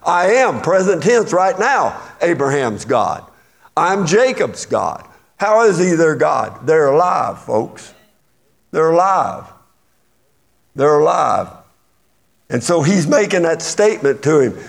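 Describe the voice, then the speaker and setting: A man with an East Texas accent preaching a sermon in a folksy, animated way, acting out quotes as he goes. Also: fairly high pitch, creaky.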